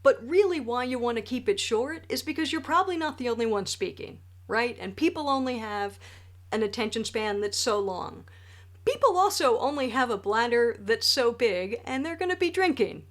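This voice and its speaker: A woman in her forties talks straight to the camera about writing wedding speeches. Her voice sits a little high, and her delivery is animated, jokey and emphatic. She sounds like she is recording at home under a ring light. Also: moderate pace. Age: 40s. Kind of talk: direct-to-camera tips video.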